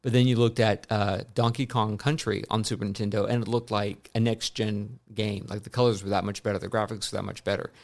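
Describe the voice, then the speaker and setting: A man's voice: fairly low pitch, flat delivery, brisk, creaky, few pauses. A man co-hosting a casual chat about video games, rambling and stumbling over his words with many fillers. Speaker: podcast co-host.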